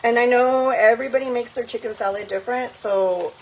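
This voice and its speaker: Her voice sits on the high side and runs a little fast as this young woman chats through a casual cooking vlog at home. She uses lots of fillers and switches into Spanish phrases now and then. A phone on a tripod captures it, and the recording is rough with a slight hiss or hum.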